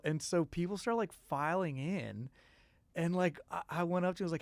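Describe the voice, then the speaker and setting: A man's voice: a little high, fairly quick, gravelly, no room sound. A man, a songwriter guest, telling stories in a casual interview and acting out the voices of the people he quotes. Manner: animated, acts out quoted voices.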